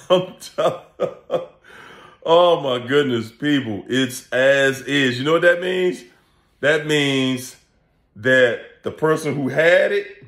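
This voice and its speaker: Laughing man ranting slowly in an echoey room. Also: on the high side. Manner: laughs often, animated, acts out quoted voices. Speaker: channel host and coach. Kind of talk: casual comedic vlog rant.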